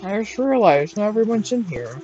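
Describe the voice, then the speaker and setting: A man's voice: high voice, very animated, fairly quick, darkish tone, highs cut off. A young man casually chatting and swearing while playing a kart racing game, laughing often. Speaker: gamer. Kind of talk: casual gaming chat. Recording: game music playing behind.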